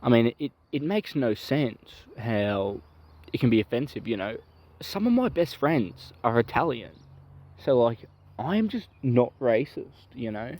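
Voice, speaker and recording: A man voicing a male peanut butter podcast host who rambles in a halting, filler-heavy way in a comedy sketch. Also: mid-range voice, sing-song, darkish tone.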